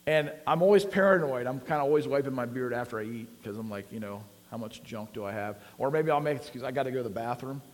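A man's voice: medium pitch, fast talker, few pauses. A man preaching a sermon in a casual, conversational way, using many fillers and rising to emphatic peaks. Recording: long hall reverb.

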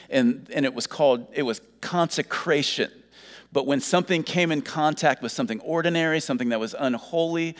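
Middle-aged pastor preaching in a reverberant hall. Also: male voice, medium pitch. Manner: conversational, joking asides, restarts words. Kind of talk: sermon.

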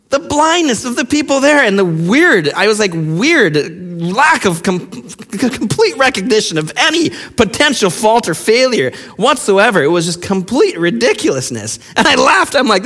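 A man preaching a sermon in a high, lively voice that swings widely between peaks and quiet drops. His impassioned delivery is full of rhetorical questions, and a long hall reverb trails each phrase. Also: a little slow, hardly any pauses. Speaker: pastor.

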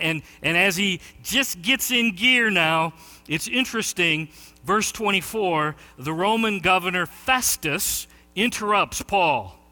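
A male pastor preaching a sermon in an animated storytelling manner. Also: sits high, long reverb tail. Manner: animated storytelling, shouting quoted lines.

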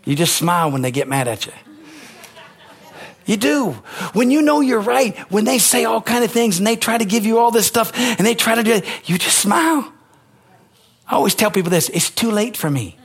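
A man preaching from the pulpit, his voice pitched high and a little husky. He drives his points hard, climbing toward near-shouts as he presses them home. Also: animated, moderate pace. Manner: emphatic preaching with rising, near-shouted peaks. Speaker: pastor. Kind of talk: sermon.

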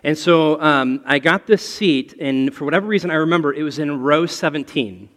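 A man preaching a sermon and telling a personal story in an animated way. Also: a little high, fairly quick. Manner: animated, storytelling with rising excitement. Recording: long hall reverb.

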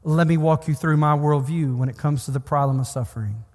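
A male preacher delivering a sermon, his voice sitting a little high for a man. He speaks earnestly and pastorally, stacking repeated phrases for emphasis. The sound rings out with the long reverb of a large hall. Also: brisk, darkish tone.

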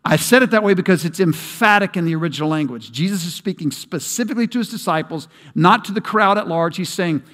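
A middle-aged man preaching a sermon, emphatic and animated, with folksy asides. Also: high voice, fast, few pauses. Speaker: pastor. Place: large church sanctuary. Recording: long hall reverb.

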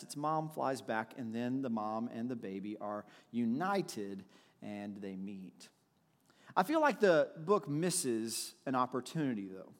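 A man's voice: a little high, long reverb tail. A man preaching a sermon, telling personal stories in a reflective way with frequent restarts. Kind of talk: sermon with storytelling.

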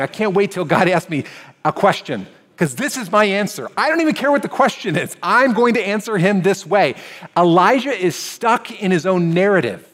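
A man delivering a conversational sermon in a high, bright-toned voice. He drops to quiet, low moments, then lifts into animated stretches. The sound carries a long reverb from a church sanctuary. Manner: conversational preaching, swings from hushed to animated. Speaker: pastor.

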